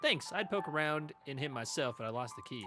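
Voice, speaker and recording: A man's voice: a little high, animated, brisk, over music, close to an everyday voice. A man voicing a friendly cowboy saloon keeper in a video game, with a folksy, chatty drawl. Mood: helpful.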